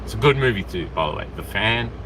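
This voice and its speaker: Casting: animated Australian guy, rambling vlog chat, street noise and traffic behind. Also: fairly low pitch, very fast. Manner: excitable, animated, jumps between topics. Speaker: vlogger. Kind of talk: rambling outdoor chat to camera.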